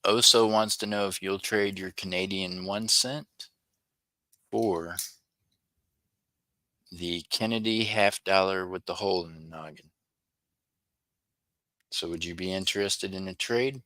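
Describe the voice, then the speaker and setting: A man, hosting a casual coin-hunting livestream and chatting to viewers, excitable over each find and quick to apologize. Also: deep voice, no echo. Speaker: livestream host searching coin rolls.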